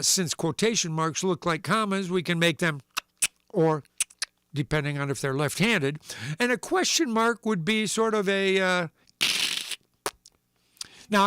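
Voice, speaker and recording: Male livestream host, lively storyteller, slightly high voice, dry recording. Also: clean tone, dry recording. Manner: animated storyteller, voicing characters and sound effects. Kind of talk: reading a comic story aloud on a livestream.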